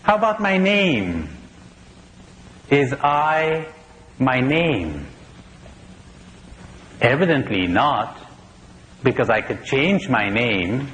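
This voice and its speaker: An old tape, hissing faintly in a reverberant hall, captures a priest's spiritual conference talk, where he poses searching questions and chuckles at his own jokes. He's very animated, with a medium-pitched, fairly bright voice, drawn-out words and long pauses.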